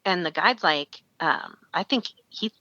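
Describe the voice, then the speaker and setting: A woman from Alaska recounts a wild hunting story as a podcast guest. Her bright voice jumps around as she acts out the others' lines and breaks into laughter. The sound is dry and a little muffled. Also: on the low side, measured pace, no echo. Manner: animated, acts out quoted voices, laughs often. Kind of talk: storytelling in casual interview.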